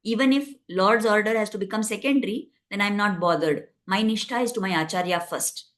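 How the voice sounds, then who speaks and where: A woman speaking as a calm male saint, steady and firm, whose voice sits in an ordinary middle pitch. The story is told plainly, and his loyalty to his guru rings through each line. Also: a little fast, lightly acted.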